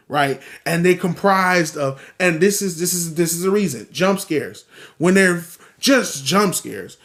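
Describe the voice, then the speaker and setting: A man hosting a solo podcast, ranting casually and animatedly, swearing often and repeating himself. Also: high voice. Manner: animated, profane, repeats himself, acts out quotes. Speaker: podcast host.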